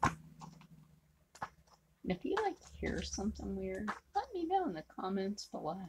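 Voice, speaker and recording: A woman artist draws on camera while chatting casually, bluntly and ramblingly, with lots of fillers. Her medium-pitched voice swings widely in pitch, she speaks a little slowly, and the background is noisy.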